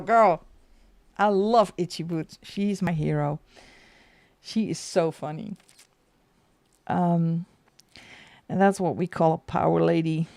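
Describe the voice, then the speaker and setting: On her coloring livestream, a middle-aged Dutch woman chats and rambles, responding to her chat and laughing a lot. Her voice is on the low side, a little mellow and smooth, with no room sound.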